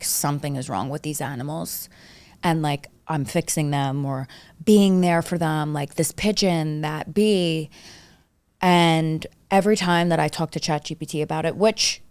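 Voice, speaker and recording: A woman's voice: sits low, no room sound. A young woman co-hosting a podcast, telling stories in a casual chat with lots of "like" and acted-out quotes. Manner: animated storytelling, acts out quoted voices, many likes. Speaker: podcast co-host.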